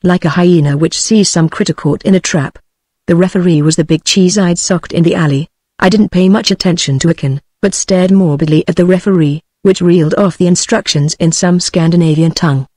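A text-to-speech female voice with a British English accent, narrating an audiobook in an even, machine-read manner. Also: on the low side, brisk, no room sound.

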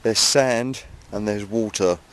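A man's voice: fairly low pitch, slow. An English man chatting casually and jokingly to the camera while walking outdoors among dunes and woods, mocking himself as he goes. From England. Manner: chatty, self-mocking, jokey. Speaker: vlogger. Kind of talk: casual walking vlog narration. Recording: noisy outdoor camera recording.

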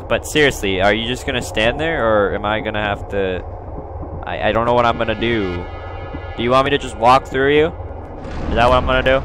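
A young man doing let's play commentary on a horror game, chattering nervously and breaking into loud, panicked yelps. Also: mid-range voice, a little fast, a little hiss or hum. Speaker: gaming YouTuber. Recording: game music loud behind the voice.

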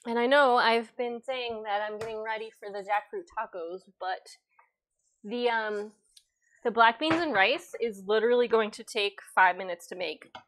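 A woman runs a casual cooking livestream from her home kitchen, chatting and reading viewer comments out loud as she cooks. Her fairly high, slightly bright voice moves at a normal speed and is picked up by a lavalier mic.

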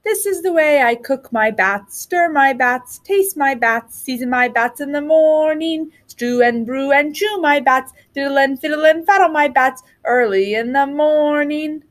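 A woman's voice: high voice, animated, measured pace. A woman voicing a cackling old female witch who chants her spells in a sing-song rhyme. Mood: crooning.

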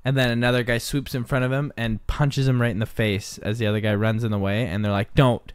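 A man co-hosting a casual podcast, telling rambling stories with halting restarts and acting out what people said. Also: medium pitch, little pitch movement, clean tone, dry recording. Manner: rambling storyteller, halting restarts, acts out quotes. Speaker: podcast co-host. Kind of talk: casual chat.

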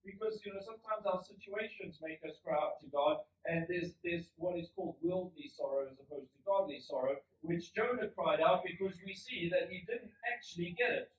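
Man, South African accent, pastor, sermon, higher voice, distant mic, echoey hall. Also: moderate pace, hardly any pauses. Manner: animated storytelling, acts out biblical characters. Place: church hall. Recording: roomy, distant, slightly dull church recording.

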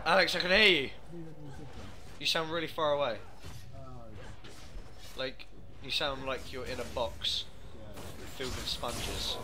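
A man giving profane, excitable commentary over his own gameplay as host of a gaming video, talking into a gaming headset. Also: medium pitch, a little slow, pauses often, slight background noise. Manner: profane, excitable, yelling in bursts.

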